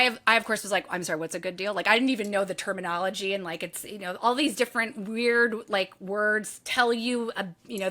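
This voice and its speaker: A woman author being interviewed on a podcast, telling candid stories and acting out her own thoughts, swearing now and then. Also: medium pitch. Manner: candid, animated storytelling with acted-out inner quotes and swearing. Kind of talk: conversational interview.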